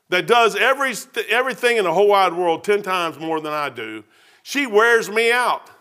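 A man's voice: very high-pitched, pushed and bright. A man preaching a sermon in a church, telling folksy, self-deprecating stories with humor. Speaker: pastor.

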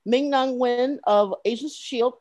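A woman co-hosting a podcast in casual chat, sharing convention stories with quick asides. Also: on the high side, a little mellow. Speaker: podcast co-host.

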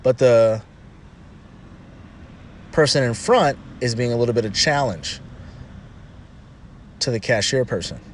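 A man's voice: mid-range voice, unhurried, pauses often, a little hiss or hum. A man talking through casual advice in a loose, rambling way, often adding "you know" and restarting his sentences.

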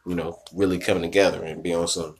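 Animated low-voiced man telling stories. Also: fast, slight background noise. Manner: animated, slangy storytelling with quoted voices. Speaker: podcast co-host. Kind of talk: casual podcast chat.

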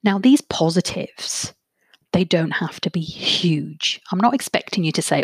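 A woman, a therapist hosting her own podcast, explaining ideas in a clear, measured way and slowing down to stress key phrases. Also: low-pitched, no echo, studio quality. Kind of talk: solo podcast talk.

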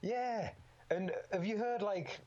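A man's voice: sits high, slow, darkish tone. A man talking casually about fighting, rambling, swearing freely and laughing often. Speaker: amateur MMA fighter guest. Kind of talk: casual chat. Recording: slightly dull lo-fi sound.

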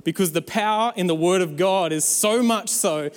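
A male pastor giving a sermon, animated and exhorting, with playful asides to the church. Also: high-pitched, moderate pace, smooth, big-room sound.

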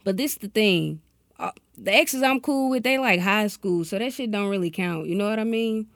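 A woman's voice: medium pitch, normal speed, fairly bright tone, dry recording, clean studio sound. A woman co-hosting a casual chat, playful and defensive, laughing often. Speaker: podcast co-host.

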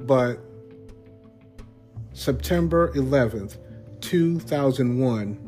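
A man's voice: mid-range voice, lively intonation, darkish tone, faint music behind. Earnest man hosting a faith podcast. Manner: measured, earnest, with fillers and asides. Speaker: Christian podcast host. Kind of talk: scripted-sounding podcast talk.

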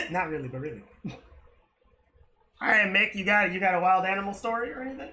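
A man with a high, bright, sharp-edged voice hosts a loose conversation. He talks quickly and chattily, tossing in comments and laughing along. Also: big pitch swings. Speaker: podcast host prompting stories. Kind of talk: casual chat.

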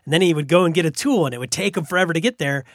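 A man with a somewhat high voice tells a funny story from his tabletop game, laughing as he goes. He speaks casually and loosely. The recording is dry and close. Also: rapid-fire, fairly bright tone, dry recording. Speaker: podcast co-host. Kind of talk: casual chat about tabletop games.

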